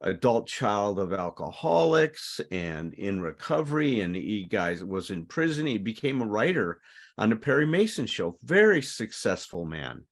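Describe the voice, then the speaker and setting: Man, low voice, recovery group sharer, reads aloud and riffs on it with earnest energy. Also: big pitch swings, unhurried. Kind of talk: reading aloud and commenting in group talk.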